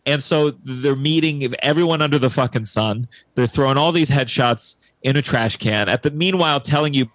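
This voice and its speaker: A man's voice: mid-range voice, moderate pace, a bit bright, dry recording. A young adult male actor chatting casually, candid, wry and profane. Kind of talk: casual chat.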